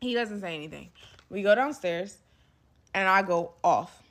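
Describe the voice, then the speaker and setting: A woman's voice: mid-range voice, moderate pace. Young woman telling an emphatic storytime. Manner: emphatic, animated retelling with acted quotes and asides to viewers. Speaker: storyteller recounting a past relationship. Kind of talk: casual storytime monologue.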